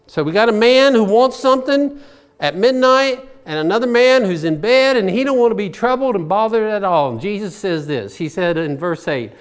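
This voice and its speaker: A man's voice: sits high, lively intonation, moderate pace, clear, resonant tone. A man preaching a sermon as a pastor, telling the story in a folksy way with personal asides.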